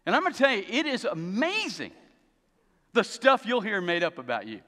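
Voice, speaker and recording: A man preaching a sermon as pastor, telling stories with an animated, dry humor. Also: high-pitched, moderate pace. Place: church sanctuary. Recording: long reverb of a church hall.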